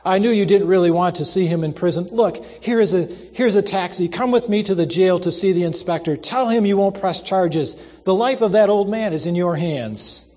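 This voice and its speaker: An earnest, compassionate young woman, voiced by a man in a storybook reading. She speaks urgently and persuasively, pitched higher than usual. A long echoing reverb surrounds the voice. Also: lively intonation, normal speed, mellow.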